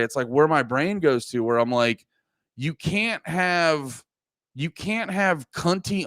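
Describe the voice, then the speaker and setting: A man's voice: mid-range voice, clean tone, dry recording, clean studio sound. A man in his thirties hosting a livestream, rambling casually with profanity and frequent laughs. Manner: profane, self-mocking, laughs often. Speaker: livestream host.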